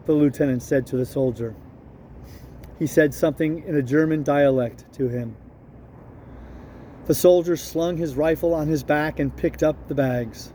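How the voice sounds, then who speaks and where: A man reads a novel aloud at a steady, unhurried pace and now and then corrects himself. His voice is mellow and pitched a little high. Faint street sounds drift in behind him. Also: a little hiss or hum. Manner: steady, unhurried reading with small self-corrections. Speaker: audiobook reader.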